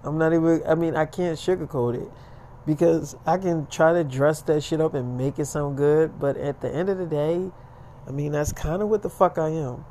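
A man's voice: fairly high pitch, steady tone, normal speed, warm tone, slight background noise, close to an everyday voice. A man voicing a blunt, matter-of-fact adult woman who swears freely, in a casual spoken story.

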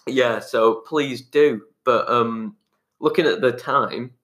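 A man's voice: medium pitch, slow, fairly bright tone. Chatty podcast co-host, man. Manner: chatty, rambling, laughs often. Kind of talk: casual chat.

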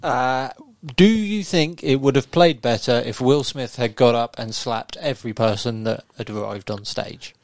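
A man in casual podcast chat, dropping wry jokes in a mid-pitched voice. The recording is dry and close. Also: normal speed, hardly any pauses, no room sound. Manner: wry, joking asides. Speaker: podcast co-host.

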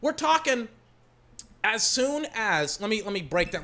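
A football fan doing live reaction commentary on a game, swearing a lot and yelling at the referees in loud, ranting outbursts. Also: medium pitch, very animated, unhurried.

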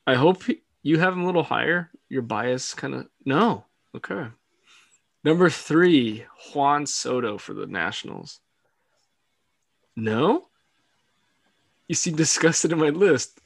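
A man's voice: on the high side, lively intonation, takes it slowly, gravelly, long pauses, no echo. A young man co-hosting a casual sports podcast, laughing often and filling gaps with hedges. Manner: laughs often, hedging fillers. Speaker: podcast co-host.

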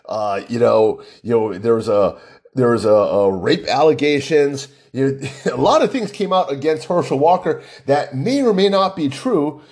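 A man's voice: mid-range voice, animated, normal speed, darkish tone. A middle-aged man from Hawaii, rambling through a casual monologue full of restarts and fillers.

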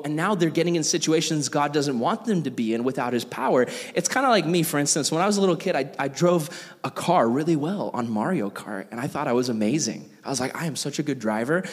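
Young male youth teacher, bright higher register, jokey and animated, reverberant hall. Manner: animated, jokey, acts out quoted characters. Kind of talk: casual Bible teaching. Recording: echoey hall.

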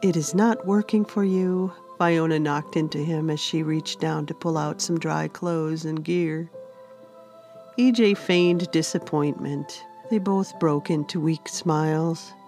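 A woman author reads her own fantasy story aloud. Her voice sits a little low and her pace is very slow. The reading is gentle and unhurried. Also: fairly even intonation, faint music behind. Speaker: author and narrator. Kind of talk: storybook narration.

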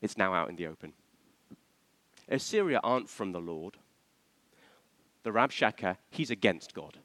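Lively, bright-voiced male preacher. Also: deep voice, moderate pace, long pauses, dry recording. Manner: animated, questioning the congregation, acts out quoted voices. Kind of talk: sermon.

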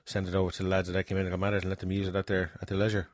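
A man in casual chat, talking quickly and repeating his fillers. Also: low voice, completely flat delivery, dry recording.

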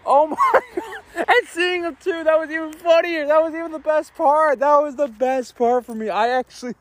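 A man recapping a film in a casual, rambling way, an excitable fan with many fillers. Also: very high voice, a little fast, no echo. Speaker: video creator recapping a film. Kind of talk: casual movie recap and reaction.

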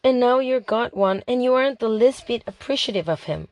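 A woman's voice: fairly high pitch, animated, a little fast, darkish tone, dry recording, voice pushed up. A woman voicing a superior, know-it-all teenage girl who lectures in an analytical way. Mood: lecturing.

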